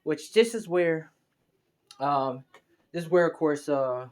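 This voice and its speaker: A man's voice: on the high side, expressive, slow pace, darkish tone. A young man narrating a fan story casually, in a rambling, slangy way. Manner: rambling, slangy, many fillers and restarts.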